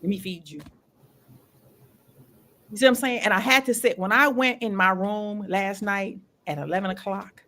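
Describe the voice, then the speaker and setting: A woman hosting a casual talk show, telling a long story in an animated way, repeating phrases for emphasis and swearing freely. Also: medium pitch, brisk, hardly any pauses. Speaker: show host.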